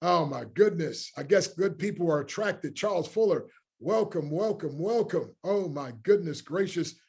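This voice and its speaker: A man hosting a live online call, welcoming a long list of attendees by name with excited, effusive energy before introducing the next speaker. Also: a little high, moderate pace, breathy edge. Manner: enthusiastic, effusive greeting of many names. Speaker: host.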